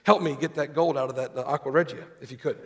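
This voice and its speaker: A man's voice: mid-range voice, steady tone, quick pace. A man preaching a sermon to a congregation, reading scripture aloud and putting questions to the listeners. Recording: long hall reverb.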